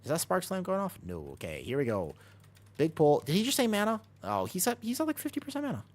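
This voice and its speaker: A man live-streaming a video game, talking quickly and casually over the action as he guides his team and answers chat from his home streaming room. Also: sits high, wildly swooping pitch. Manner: talks fast over gameplay, jumps between coaching and chatting. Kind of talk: live gameplay commentary and chat.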